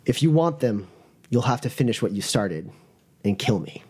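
A man's voice: medium pitch, animated, normal speed, a little mellow, breathy edge. Defiant swordsman, man's own voice barely shifted, level and firm, played by a man. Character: proud male swordsman defending the players.

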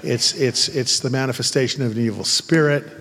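A man's voice: medium pitch, a little fast, fairly bright tone, long reverb tail. A man preaching a sermon as pastor, mixing humorous stories with fervent, angry calls to prayer. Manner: humorous storytelling turning to fervent, angry exhortation.

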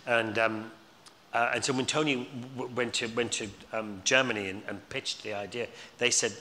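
Before an audience on a hall stage, a male Q&A guest rambles through stories, repeating words and restarting often. His medium-pitched voice is bright and forceful, with fairly even intonation and a moderate pace. The live recording carries hall reverb, faint ambience, and a little hiss or hum.

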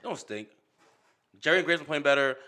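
A man's voice: fairly high pitch, lively intonation, brisk, bright, forceful tone. A man in a casual sports debate who talks animatedly, laughs often and repeats himself.

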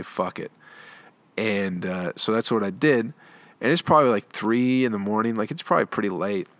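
Young man, rambling comic storyteller, profane and laid-back, lowish voice, dry close sound. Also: fairly bright tone, no room sound. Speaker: comedian. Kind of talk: storytelling monologue.

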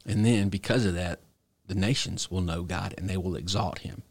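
A man preaching as a pastor, earnest and exhorting, slowing down to stress key words. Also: low voice, fairly even intonation, gravelly, husky, dry recording. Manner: earnest, exhorting, with slow deliberate emphasis. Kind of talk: sermon.

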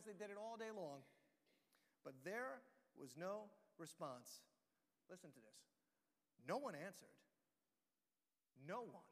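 A man preaching a sermon as pastor, telling stories in an animated way with self-deprecating asides. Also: very high-pitched. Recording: long hall reverb.

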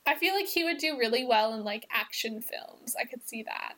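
A woman's voice: on the high side, animated, moderate pace, bright, forceful tone. A woman co-hosting a podcast in casual chat, talking with lots of "like" and easy fillers. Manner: chatty, many fillers. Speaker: podcast co-host.

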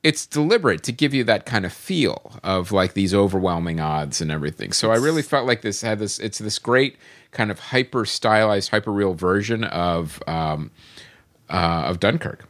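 A man's voice: lowish voice, lively intonation, normal speed, a bit bright. A man hosting a casual film podcast, talking in a loose, rambling way full of filler words. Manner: rambling, heavy use of "like". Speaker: podcast host.

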